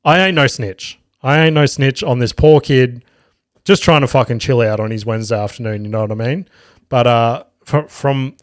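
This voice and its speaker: A young Australian man hosting a podcast, telling a story in a loose, profane, animated way and acting out the quotes. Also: mid-range voice, no echo, clean studio sound. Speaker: podcast host.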